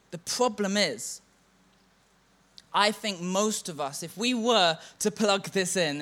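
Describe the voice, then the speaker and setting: Guy preaching at church, high bright voice, tells stories and mocks the me-me-me attitude. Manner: storytelling, chants a mocking refrain. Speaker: church leader. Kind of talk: sermon.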